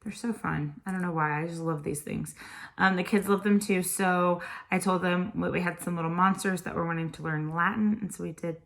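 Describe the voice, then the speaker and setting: A woman with a slightly low voice talks in an easy, chatty way, like a tutor walking other parents through a lesson. She sounds a little tired and explains things step by step. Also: steady tone, brisk, vocal fry. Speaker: homeschool tutor. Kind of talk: casual instructional video.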